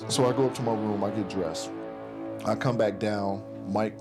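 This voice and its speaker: Over a clear music bed, a man casually tells the story of a night's events in the present tense, switching into other people's voices as he quotes them. His voice is lowish with fairly even intonation at normal speed.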